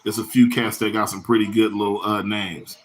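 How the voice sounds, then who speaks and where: A man's voice: on the low side, flat delivery, brisk. A man hosting his own livestream in a loose, rambling, profane way, full of slang and answering viewers' chat comments by name. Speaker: livestream host.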